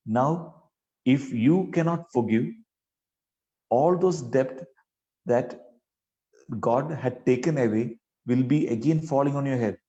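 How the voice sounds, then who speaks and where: A man delivers an earnest, pleading sermon in a warm, mellow voice. He often adds "you know" mid-sentence as he urges his listeners. The recording sounds dull and lo-fi. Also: mid-range voice. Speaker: preacher.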